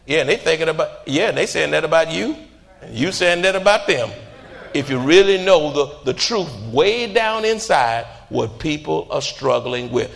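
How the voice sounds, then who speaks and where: A man preaching a sermon as pastor, in a fiery style that jabs at listeners with repeated rhetorical "huh?" and sudden shouts. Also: a little high, lively intonation, normal speed, gravelly. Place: church sanctuary. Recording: long reverb in a large hall.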